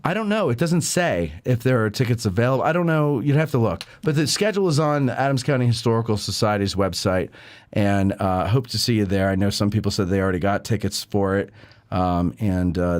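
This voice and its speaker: A man hosting a talk show, chatting casually and rambling with many fillers. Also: deep voice. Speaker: radio show host. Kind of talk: casual chat.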